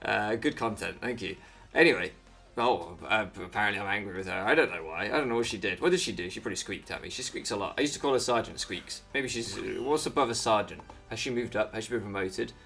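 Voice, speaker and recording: A man's voice: fairly low pitch, lively intonation, quick pace, gravelly, a bit bright, soft background music. A man giving casual, rambling commentary over a Pokémon game, easily sidetracked and self-mocking. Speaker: Pokémon video creator.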